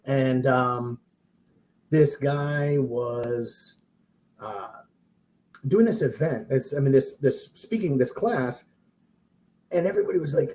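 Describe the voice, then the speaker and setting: A man's voice: mid-range voice, normal speed, a little mellow. A man who trains mortgage professionals, telling a long story in a rambling, self-interrupting way. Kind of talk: casual storytelling on a live stream.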